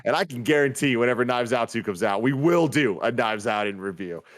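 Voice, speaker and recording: A man's voice: medium pitch, expressive, a little fast, dry recording, clean studio sound. An enthusiastic man hosting a casual film review podcast, reading listener reviews aloud with his co-hosts. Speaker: podcast host. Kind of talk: casual movie review chat.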